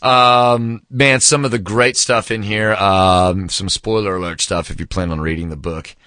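A man in his forties chats through a book review, low-pitched but bright and forceful in tone. He tells stories with big enthusiasm and acts out the quotes. The sound is dry and close. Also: fairly even intonation, measured pace, no room sound. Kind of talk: casual spoken book review.

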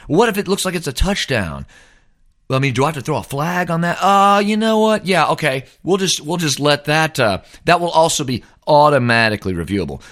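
Middle-aged guy ranting about sports, pitch jumping all over, fired up and exasperated. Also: a bit bright. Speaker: host. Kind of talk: opinionated sports commentary monologue.

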